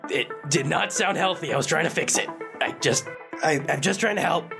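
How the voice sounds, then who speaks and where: A man's voice: a little high, fairly quick, gravelly, music in the background. A man voicing a timid male ghoul mechanic in a tabletop game, stammering and apologetic. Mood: nervous.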